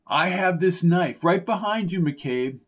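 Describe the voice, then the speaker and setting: A man's voice: high voice, expressive, unhurried, voice pushed up. A man voicing a frightened, defiant woman in an audiobook, speaking sharply and commandingly. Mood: tense, defiant.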